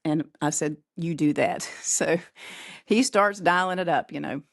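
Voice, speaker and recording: Low-voiced storyteller woman. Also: a little slow, vocal fry, no room sound, clean studio sound. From North Carolina, USA. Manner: lively storyteller who acts out quoted voices, with frequent laughs. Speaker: podcast guest. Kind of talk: casual storytelling.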